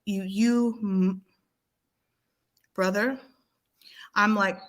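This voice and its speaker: Slow, firm woman lecturing. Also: medium pitch, steady tone. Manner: firm, lecturing, repeats for emphasis; slow, deliberate delivery. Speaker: livestream co-host. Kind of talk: heated live-stream scolding.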